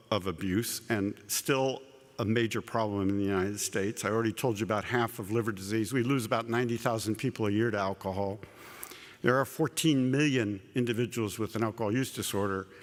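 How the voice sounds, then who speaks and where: Man lecturing in an echoing hall. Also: fairly low pitch. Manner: conversational, repeats words, asides with humor. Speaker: conference speaker. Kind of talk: plenary scientific lecture. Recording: long echo of a large hall.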